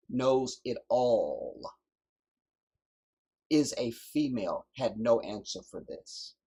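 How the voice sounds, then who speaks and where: A man hosting a livestream, delivering an impassioned, preachy monologue that often drops to hushed whispers. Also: on the low side, husky. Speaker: livestream host.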